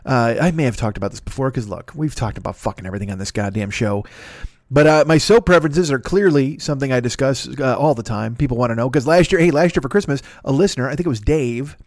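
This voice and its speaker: A man's voice: mid-range voice, fast talker, dry recording, studio quality. A man in his forties hosting a podcast with a profane, self-mocking, digressive comedic monologue. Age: 40s. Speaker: podcast host.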